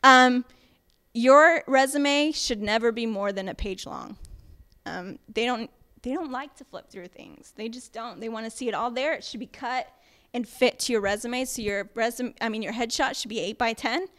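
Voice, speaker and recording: A woman's voice: on the high side, normal speed, fairly bright tone. A woman teaching an acting workshop, speaking emphatically and chattily with frequent fillers and check-ins with the room. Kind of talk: workshop lecture.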